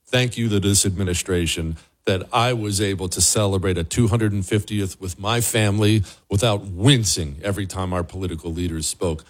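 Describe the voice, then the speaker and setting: A man's voice: sits low, normal speed, few pauses. A man hosting a show, giving casual commentary in an earnest, emphatic way, often repeating words for stress. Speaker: show host.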